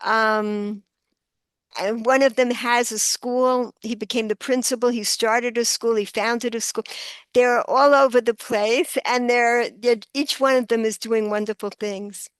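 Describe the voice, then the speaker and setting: An older woman, a guest author on a podcast, telling a story earnestly and slowing down for emphasis. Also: on the high side, steady tone, smooth, dry recording. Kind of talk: podcast interview.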